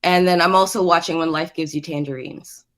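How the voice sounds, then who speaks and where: Woman co-host, lower voice, animated, laughs a lot, casual chat. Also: fairly quick. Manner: animated, laughs often, restarts sentences. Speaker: co-host of a show review podcast. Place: studio apartment.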